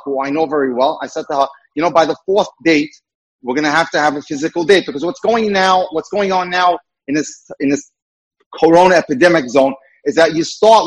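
A man's voice: fairly high pitch, breathy edge, low-quality recording. A man who works as a dating mentor, giving an emphatic lecture with repeated points.

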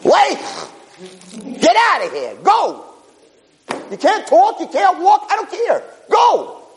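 A man's voice: mid-range voice, moderate pace, voice pushed down, close to an everyday voice. A man voicing a stern, exasperated male God barking orders in a sermon. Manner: shouting orders.

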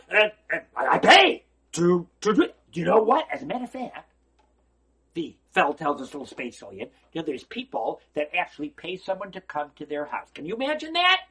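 Animated, husky-voiced male storyteller. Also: high-pitched. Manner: animated, repetitive, stammering storyteller. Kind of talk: storytelling lesson.

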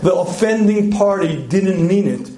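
Guy doing a marriage seminar, jokey and lively, kinda high voice, echoey hall. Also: measured pace. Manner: animated, joking, frequent throat clearing. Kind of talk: live seminar talk to an audience.

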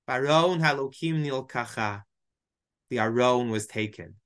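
A man teaching a Bible lesson verse by verse, reading lines aloud and explaining each in English. His voice is bright and clear, and his delivery is emotional, sometimes choked up. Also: mid-range voice, unhurried. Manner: reads Hebrew verses then explains in English. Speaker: Torah teacher. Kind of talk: text study lesson, translating verse by verse.

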